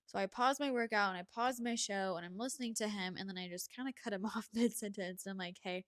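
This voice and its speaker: A young woman hosting a podcast, chatting casually and confidingly, with frequent laughs and breathy sighs. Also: medium pitch, a little fast, fairly bright tone. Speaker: podcast host. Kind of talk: casual chat.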